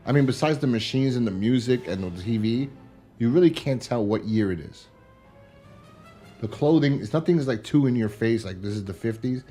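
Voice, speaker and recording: A man co-hosting a podcast in casual chat, animated and laughing often as he retells scenes. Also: medium pitch, normal speed, husky, faint music behind. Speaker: podcast co-host.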